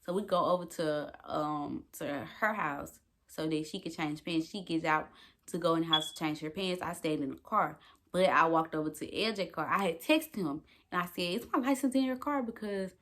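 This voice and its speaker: A woman in her twenties telling a casual, animated storytime vlog to the camera, swearing freely and calling out to her viewers. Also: fairly low pitch. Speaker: vlogger.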